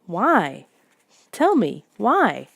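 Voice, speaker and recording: A woman's voice: mid-range voice, wildly swooping pitch, extremely slow, vocal fry, fairly bright tone, no room sound, clean studio sound, heavily acted. A woman voicing a frightened young kid who stammers and pleads in a raised voice. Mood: accusing.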